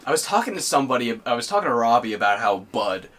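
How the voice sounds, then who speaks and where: A man in his twenties, chatting casually as a podcast co-host, rambling and animated. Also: mid-range voice, fast. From Canada, Nova Scotia. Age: 20s. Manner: rambling, animated, puts on silly voices for quotes. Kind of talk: casual chat.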